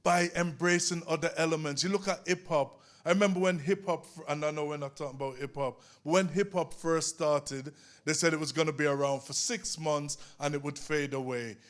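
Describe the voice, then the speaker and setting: Man, fairly high voice, passionate, emphatic, live panel talk in a museum. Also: fairly even intonation, brisk, hardly any pauses. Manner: passionate, emphatic, with frequent "you know what I mean". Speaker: panel guest. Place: museum event space.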